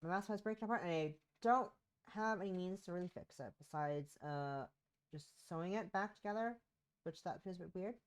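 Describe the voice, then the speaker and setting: A woman's voice: on the low side, brisk. A woman with a sore throat, streaming a game from home and chatting casually in a rambling, self-interrupting way. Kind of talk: casual gameplay chat.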